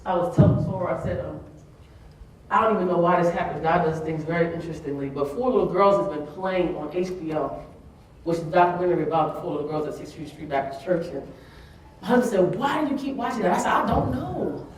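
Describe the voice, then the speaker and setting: A woman's voice: fairly low pitch, fast talker, darkish tone, slight background noise. Woman speaking in an echoey hall. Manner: earnest, tearful at moments, laughing asides. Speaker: keynote speaker. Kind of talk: emotional public speech. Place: large conference room. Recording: echoey hall, mic from far off.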